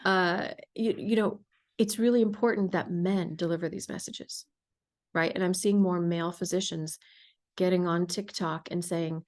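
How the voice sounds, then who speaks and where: A woman hosting a podcast interview, telling stories in a casual, emphatic and animated way. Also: on the low side, moderate pace. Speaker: podcast host.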